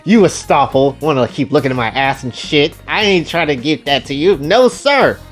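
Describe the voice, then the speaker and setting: A man rambling through a crude comedic retelling, talking straight to his viewers with excitable asides. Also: a little high, moderate pace, soft background music. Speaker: storyteller, channel host.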